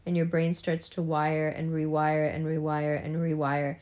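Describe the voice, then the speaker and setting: A woman's voice: low-pitched, flat delivery, darkish tone. A young adult woman talking casually to camera, laughing often and acting out people's reactions. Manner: laughs often, acts out reactions, drawn-out delivery. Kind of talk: casual monologue.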